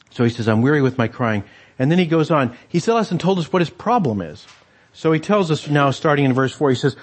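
A man's voice: on the high side, brisk. Conversational male pastor, wry asides. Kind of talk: sermon.

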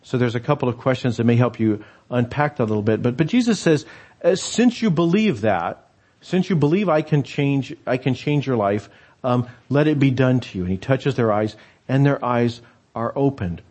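A man delivers a sermon in a relaxed, conversational way, stopping and restarting often with fillers. His voice has a slightly husky edge at a middle pitch. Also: moderate pace. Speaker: pastor.

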